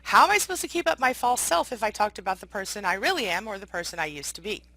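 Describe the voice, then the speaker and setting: Woman host, bright lively voice, sarcastic delivery, casual countdown explainer, dry close sound. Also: medium pitch, fast, dry recording, poor audio. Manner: sarcastic, mock-indignant voicing of quoted lines. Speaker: relationship coach and video host.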